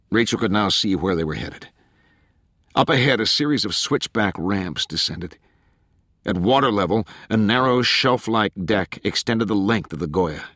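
Low-voiced man narrating an audiobook. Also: a bit bright, no echo, studio quality. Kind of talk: scripted thriller narration.

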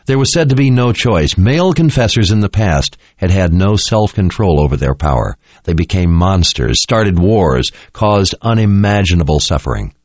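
A deep-voiced male audiobook narrator reads a fantasy novel aloud in a dramatic, expressive scripted style. The recording sounds dull, dry, and lo-fi.

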